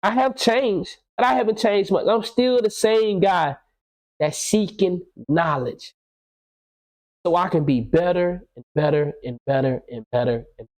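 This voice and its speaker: A man's voice: sits high, measured pace, darkish tone, rough recording. Man in his 30s, podcast host, preachy and profane, talks straight at the listener. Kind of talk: casual podcast conversation.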